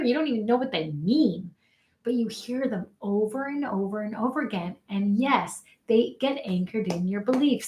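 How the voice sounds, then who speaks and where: A woman life coach leading an energetic online session, cheering people through spoken affirmations. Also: on the high side, reverberant. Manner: upbeat, encouraging, leads chanted affirmations. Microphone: webcam.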